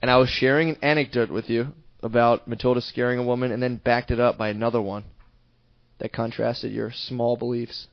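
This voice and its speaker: A man's voice: mid-range voice, little pitch movement, brisk, no echo. A man co-hosting a comedy podcast, joking and defending himself in casual banter, laughing often. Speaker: podcast co-host. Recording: dull lo-fi podcast audio.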